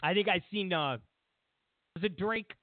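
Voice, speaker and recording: A man's voice: high voice, measured pace, no room sound. A man hosting a talk show, ranting sarcastically in a rambling, comedic way with lots of restarts. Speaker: host. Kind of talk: casual comedic rant. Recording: tinny phone-like line, dry.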